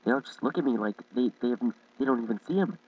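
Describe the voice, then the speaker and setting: Giggly, rambling young vlogger. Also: male voice, mid-range voice, lively intonation, husky, distant mic, narrow, tinny audio. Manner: rambling, giggly, halting with many restarts. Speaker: YouTube storyteller. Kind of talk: casual storytelling vlog.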